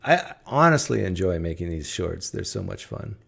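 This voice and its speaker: A man's voice: sits low, sing-song, moderate pace, vocal fry, a bit bright, breathy edge. A man hosting a call-in show, chatting casually and with amusement, with loose phrasing and fillers. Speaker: host. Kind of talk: casual commentary.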